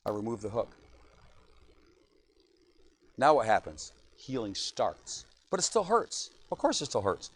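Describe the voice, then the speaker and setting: A man's voice: lowish voice, sing-song, unhurried, long pauses, slightly rough. A middle-aged man, a pastor, preaching a sermon in a church, joking often and asking "right?" again and again.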